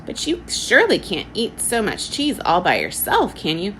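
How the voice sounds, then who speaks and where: A woman's voice: mid-range voice, wildly swooping pitch, moderate pace, fairly bright tone, slight background noise, low-quality recording. A woman reading a storybook aloud, voicing a blunt, doubtful young girl.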